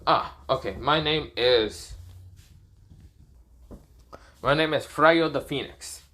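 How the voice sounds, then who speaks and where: Courteous male phoenix spirit, read by a man in a fan story, bright and formal. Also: on the high side, takes it slowly, voice pushed up.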